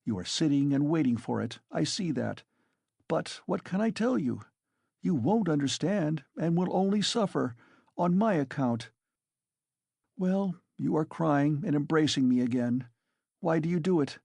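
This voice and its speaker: Brief: tormented bitter young student, gravelly pleading voice read by a man. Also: on the high side, lively intonation, measured pace, darkish tone, no room sound, studio quality, pitched above the performer's own voice, full character voice. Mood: despairing. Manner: anguished pleading. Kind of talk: audiobook character reading.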